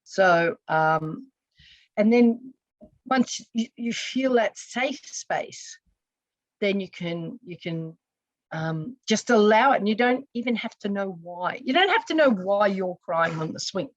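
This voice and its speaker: A woman's voice: mid-range voice, expressive, takes it slowly, dry recording, low-quality recording. A woman, a counselor talking earnestly on a podcast and explaining with restarts and asides. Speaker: guest, counselor. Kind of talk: casual podcast conversation.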